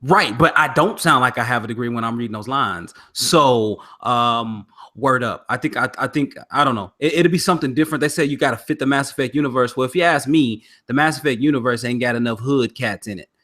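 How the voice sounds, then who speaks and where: A man's voice: mid-range voice, brisk, hardly any pauses, bright, forceful tone. A young man co-hosting a casual podcast, chatting easily and answering listeners. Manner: laid-back, chatty, reads listener comments. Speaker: podcast co-host.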